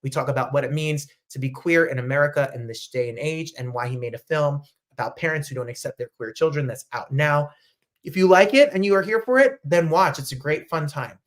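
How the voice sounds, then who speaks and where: A man from New Jersey hosting a talk show, chatting casually with gushing, animated asides. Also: on the high side, a little fast. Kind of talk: casual livestream chat.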